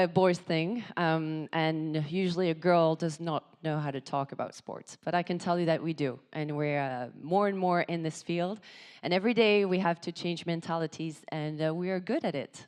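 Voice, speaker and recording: A woman with a fairly low voice emcees a live event from a stage. She speaks upbeat and directly to a big crowd, often turning questions out to the room. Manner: upbeat, addresses audience directly. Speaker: master of ceremonies, TV sports journalist. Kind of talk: event hosting speech to a crowd. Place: large hall stage.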